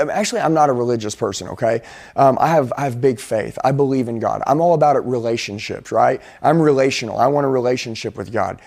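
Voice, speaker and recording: A man's voice: mid-range voice, darkish tone. A middle-aged man giving an intense, emphatic motivational talk as a sales and life coach. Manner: intense, emphatic preaching delivery.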